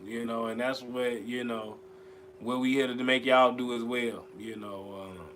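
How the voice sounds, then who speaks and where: Brief: easygoing man co-host, agreeable, low-key, with a faint hum behind him. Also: flat delivery, measured pace, a bit bright, rough recording. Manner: agreeable, laid-back, adds short affirmations. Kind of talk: casual spiritual chat.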